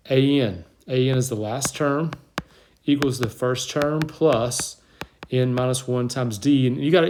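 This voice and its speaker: A man's voice: medium pitch, a little mellow, slight background noise. A man teaching a math lesson over a whiteboard, explaining step by step, audibly out of breath. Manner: plain step-by-step explaining, talks himself through the work. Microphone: tablet mic.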